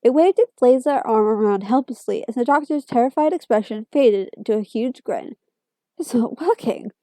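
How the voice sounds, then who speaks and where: A woman reading fan fiction aloud in a steady storytelling voice. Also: fairly high pitch, fairly quick, no echo.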